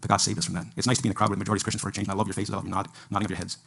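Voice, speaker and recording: A man giving a fervent debate speech to an audience at a live event, preaching in rapid-fire bursts. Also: fairly low pitch, little pitch movement, creaky, fairly bright tone, husky.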